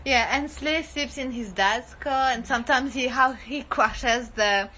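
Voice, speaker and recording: A woman's voice: high voice, measured pace, sharp tone. A woman who moderated a focus group, chatting casually about it and laughing often. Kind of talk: casual debrief chat.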